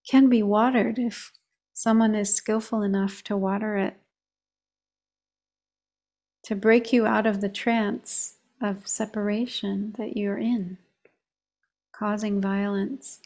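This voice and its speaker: Slow, calm woman meditation teacher. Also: mid-range voice, gravelly. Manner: calm, measured storytelling. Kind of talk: reflective discussion on meditation.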